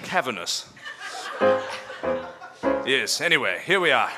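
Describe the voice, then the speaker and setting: A man's voice: medium pitch, very animated, slow, loud music behind the voice. A man playing a bumbling German huntsman. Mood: bemused. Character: bumbling male German huntsman and forest guide, self-deprecating. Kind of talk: improvised comedy audio drama.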